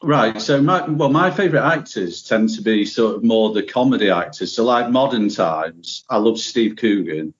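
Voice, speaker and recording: Relaxed man, lowish voice. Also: moderate pace, few pauses. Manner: relaxed, opinionated, enthusiastic. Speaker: podcast guest. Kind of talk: casual podcast conversation. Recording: dull lo-fi audio.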